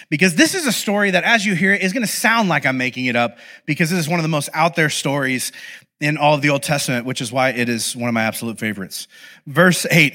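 A male pastor with a high, bright voice gives a relaxed, conversational sermon. He tells the story in an animated, playful way and keeps breaking off for asides to his listeners. His tone stays bright and his delivery stays lively.

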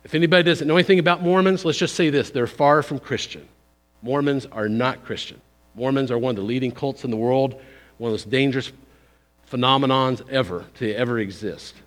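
A man giving a conversational, folksy missions sermon in a church, pushing up for emphasis and then dropping low. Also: a little fast. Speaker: visiting missions speaker. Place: church sanctuary. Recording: long hall reverb.

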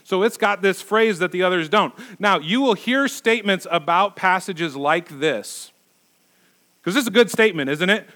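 High-voiced man preaching a sermon. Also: expressive, normal speed, bright, forceful tone. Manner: conversational, rhetorical questions, emphatic. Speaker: pastor.

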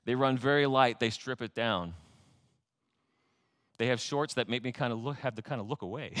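A man's voice: medium pitch, normal speed, pauses often, fairly bright tone. A man preaching a sermon as a pastor, emphatic and full of rhetorical questions, with touches of light humor.

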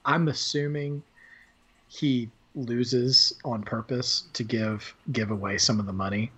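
A man's voice: mid-range voice, fairly even intonation, takes it slowly, a bit bright, slightly rough. A man co-hosting a podcast, chatting casually about a film in a rambling way with many fillers and restarts. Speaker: podcast co-host. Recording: dull lo-fi sound.

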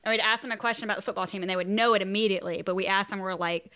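A woman's voice: mid-range voice, steady tone, racing, pushed and bright. A woman comedian co-hosting a podcast, joking and laughing easily in casual chat.

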